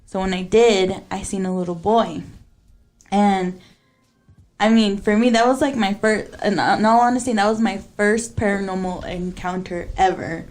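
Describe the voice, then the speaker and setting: A young woman co-hosting a podcast, telling a story in a casual, animated way with lots of fillers and laughter. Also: medium pitch, moderate pace. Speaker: podcast co-host.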